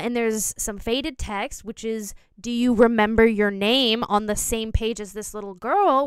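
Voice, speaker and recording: Rambling young woman, crisp dry sound. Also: a little high, fairly bright tone, dry recording. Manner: rambling, self-correcting, jokey asides. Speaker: video essay host. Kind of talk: casual rambling explainer. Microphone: phone.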